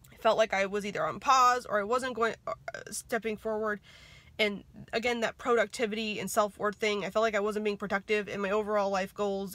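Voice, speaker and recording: A woman's voice: medium pitch, a bit bright. A young woman talking to camera in a candid, reflective vlog, swearing freely and laughing at herself. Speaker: vlogger. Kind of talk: reflective casual talk to camera.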